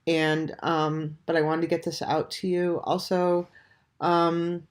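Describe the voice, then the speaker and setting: A vlogger in their forties, stuffed up and under the weather, talking softly to camera at home at dawn with many ums and restarts. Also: medium pitch, level tone, unhurried. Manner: hesitant, full of ums and restarts. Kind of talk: casual talk to camera.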